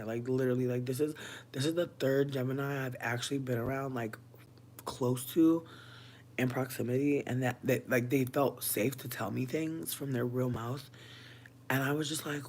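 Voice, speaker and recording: A woman vlogger telling a comic storytime rant. She is animated and profane, swinging between loud exclamations and low mutters. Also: normal speed, slight background noise.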